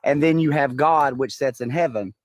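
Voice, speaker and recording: Measured man in a voice-chat debate. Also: medium pitch. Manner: measured, questioning, uses filler phrases. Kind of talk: casual debate.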